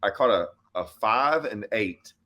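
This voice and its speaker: Man telling a lively fishing story. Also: on the low side, a little slow. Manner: animated storyteller who acts out his own and others' quoted lines. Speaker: host and professional bass angler. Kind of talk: casual storytelling chat.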